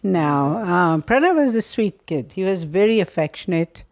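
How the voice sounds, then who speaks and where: A woman's voice: on the low side, very animated, moderate pace, a little mellow. A middle-aged woman, a guest on her son's podcast, telling rambling, fond stories about him. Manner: fond, rambling anecdotes with fillers. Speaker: podcast guest, co-host's mother. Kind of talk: casual storytelling.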